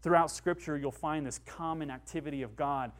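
A man's voice: a little high, fairly quick. A man preaching a sermon with passion, rising to emphatic peaks. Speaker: pastor.

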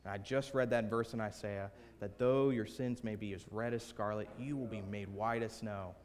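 A young man preaching a sermon with a personal testimony and prayer, earnest and shifting from hushed to emphatic. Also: fairly low pitch, fairly even intonation, normal speed, big-room sound. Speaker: pastor. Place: church sanctuary.

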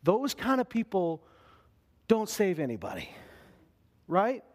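A man preaching a sermon, talking straight to his listeners and jumping into panicked voices when he acts out a scene. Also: takes it slowly. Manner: animated, acts out panicked voices with big pitch swings. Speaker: pastor.

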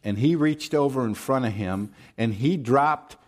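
A man's voice: mid-range voice, unhurried, natural voice. A male pastor slipping into a Southern US accent to tell a folksy schoolboy story in his sermon. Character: folksy Southern storyteller, a preacher's drawling yarn voice.

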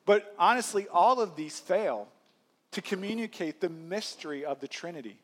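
A male pastor with a high, light voice delivers a sermon in a loose, conversational way. He acts out quotes as he goes and laughs lightly now and then. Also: expressive, moderate pace, a bit bright.

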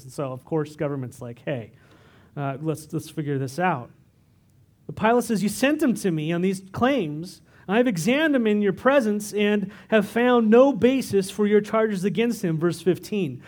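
High-voiced man preaching a casual sermon. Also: darkish tone. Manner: conversational, explains the text with asides and fillers. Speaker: pastor. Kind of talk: expository sermon.

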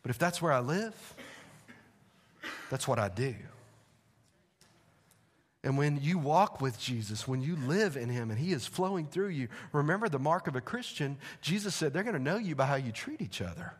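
A male pastor, preaching a sermon in a church with animated, conversational asides. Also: fairly high pitch, moderate pace, long pauses, husky. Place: church sanctuary. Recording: long hall reverb.

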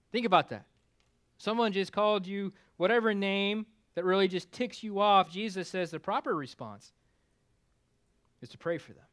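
A male pastor preaching a conversational sermon with self-deprecating humor, climbing louder for emphasis and dropping low for asides. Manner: rises in pitch and volume for emphasis, drops low for asides.

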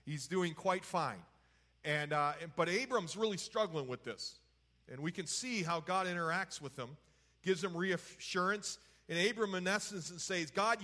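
A man's voice: on the high side, pushed and bright. A man teaching from the Bible in a folksy, conversational way, retelling scripture in everyday words.

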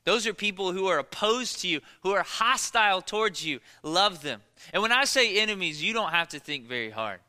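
A man preaching a sermon as pastor, joking with the congregation and acting out fear in animated bursts. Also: high-pitched, brisk, hardly any pauses, long reverb tail. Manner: animated, joking, rising to near-shouts when acting out fear. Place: church.

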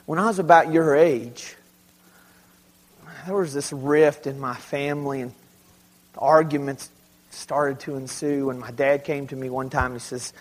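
A man from Dallas speaking to a young audience, telling animated, self-mocking stories in a large hall. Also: medium pitch, measured pace, long pauses. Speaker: youth speaker. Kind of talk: storytelling talk to kids. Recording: long hall reverb.

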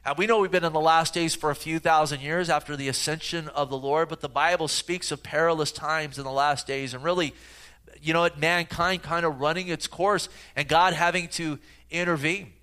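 A middle-aged man preaching a sermon with a bright, forward tone and a voice pitched a little high. He talks in a loose, conversational way, telling stories with plenty of fillers and restarts. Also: steady tone, moderate pace, smooth. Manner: conversational, anecdotal storytelling with frequent fillers. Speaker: pastor.

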